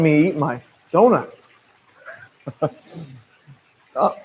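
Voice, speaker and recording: A man in his thirties with a Midwestern US accent talks through viewer questions as a naturalist guide. His pitch is ordinary for a man, and his delivery is relaxed and conversational, with plenty of fillers and restarts. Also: moderate pace, slight background noise, poor audio. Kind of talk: casual livestream Q&A.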